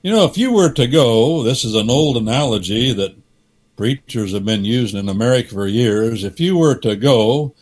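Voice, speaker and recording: A man preaching as a guest on a radio show, speaking deliberately and telling parables in which he acts out the characters' voices. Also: medium pitch, animated, a little mellow. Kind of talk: preaching-style radio talk.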